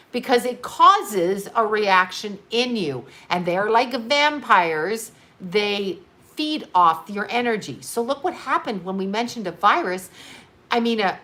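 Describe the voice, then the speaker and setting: A woman's voice: a little high, sharp tone. A woman hosting a casual livestream as a psychic medium, talking bluntly with profanity and breaking off to answer viewer comments. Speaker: psychic medium and channel host.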